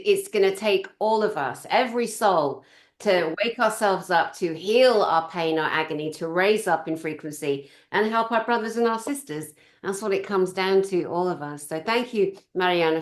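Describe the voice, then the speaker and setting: A woman's voice: lowish voice, normal speed. Effusive woman host greeting guests, roomy echo. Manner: affectionate, effusive, calls guests "my love". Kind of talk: conference host chat.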